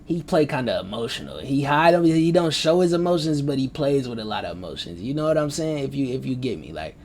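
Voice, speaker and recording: A man's voice: mid-range voice, big pitch swings, quick pace, a little mellow, a little hiss or hum. A young man at home, rambling loosely in slang through his sports predictions as a casual vlogger. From United States. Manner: loose, slangy, rambling and self-aware about rambling.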